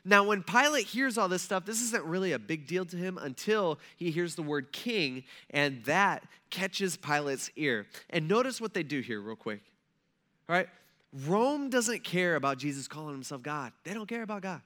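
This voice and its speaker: A man preaching a sermon in a conversational, animated way, acting out the people he tells about. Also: high-pitched, normal speed. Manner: conversational, animated, acts out quotes. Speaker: pastor.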